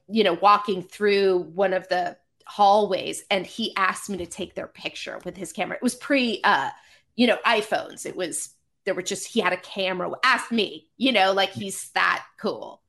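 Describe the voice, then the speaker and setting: A woman, a podcast guest, telling stories in a casual, animated, self-deprecating way with many restarts. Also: mid-range voice, moderate pace. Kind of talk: casual storytelling.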